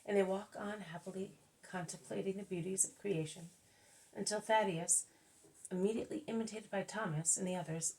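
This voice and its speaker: A woman reading a devotional book aloud as narrator, steady and deliberate. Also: medium pitch, vocal fry, low-quality recording.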